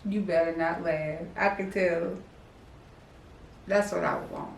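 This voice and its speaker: A woman co-hosting a casual chat show, speaking in a calm, thoughtful way. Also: fairly low pitch, measured pace, gravelly. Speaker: co-host. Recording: echoey room, distant mic, faint noise.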